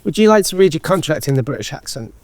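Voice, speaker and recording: Brisk mock-official co-host. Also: mid-range voice, big pitch swings, darkish tone. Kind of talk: comedic interview bit.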